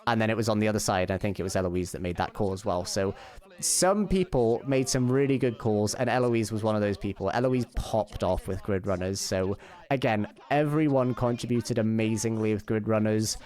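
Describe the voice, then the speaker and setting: A man streaming a casual recap, talking in an excited, emotional, rambling way, full of restarts. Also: fairly low pitch, a little fast.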